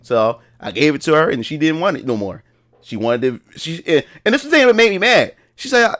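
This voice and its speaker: A man's voice: on the high side, very animated, fairly quick, a bit bright. A young man chatting casually on a livestream in a rambling, slangy way, full of restarts and fillers. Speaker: live streamer.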